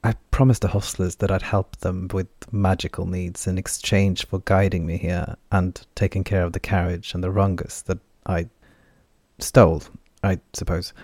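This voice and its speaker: A man voicing a weary, guilt-ridden male mage who speaks softly and apologetically. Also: sits low, steady tone, normal speed, no room sound. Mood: subdued. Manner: soft, subdued, apologetic.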